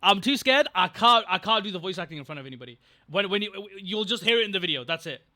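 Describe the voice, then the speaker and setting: A man's voice: high-pitched, expressive, fast talker, sharp tone. A young man chatting casually on a livestream, rambling, getting distracted and thanking viewers from chat. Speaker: streamer.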